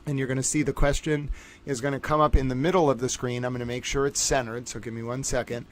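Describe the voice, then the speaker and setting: Excitable man hosting a livestream trivia. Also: fast talker. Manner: excitable and playful, jumps between pitches. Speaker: livestream host running a trivia game. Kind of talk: casual livestream chat.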